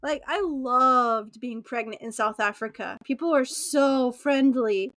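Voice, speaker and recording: High-voiced chatty woman, dry sound. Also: unhurried, a bit bright, no room sound. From Utah, USA. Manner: chatty, laughing, acts out quoted voices. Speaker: podcast guest. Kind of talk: casual interview conversation.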